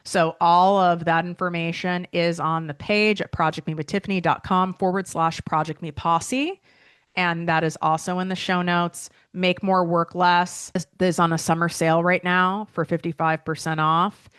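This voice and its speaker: A woman's voice: lowish voice, flat delivery, normal speed, fairly bright tone, clear, resonant tone, no echo, clean studio sound. A woman hosting her own podcast in a chatty, emotional way, full of fillers, near tears as she speaks. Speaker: podcast host and business coach. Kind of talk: casual solo podcast talk.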